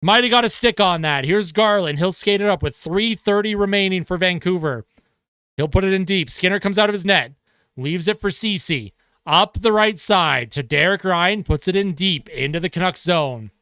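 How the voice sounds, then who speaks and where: A man calling a hockey game live from his own setup, eager and ready to erupt on a big play. His voice sits high and sounds bright and crisp. The sound is close and dry. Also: normal speed, no echo. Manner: excitable, shouts on goals, laughs at himself. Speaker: fan play-by-play commentator.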